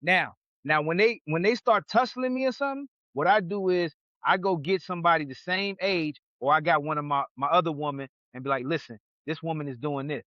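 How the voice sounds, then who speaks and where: A man from New York hosting a podcast, telling stories in a casual, animated way and acting out what other people said. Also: a little high, brisk, no room sound. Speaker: podcast host. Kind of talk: casual storytelling chat. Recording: dull lo-fi sound.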